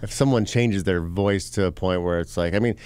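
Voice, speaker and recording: A man's voice: sits low, fairly quick, clear, resonant tone. A man co-hosting a radio show, blunt and profane, slipping into mocking impressions as he argues. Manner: blunt, profane, animated mimicry. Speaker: radio co-host. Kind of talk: casual radio banter.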